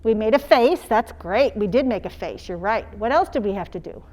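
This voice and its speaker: A woman teacher demonstrating phonics, sounding out words slowly and singing little chants the way she would for young children. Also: mid-range voice, animated, darkish tone. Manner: slow, sing-song teacher talk modeling sounds for young children.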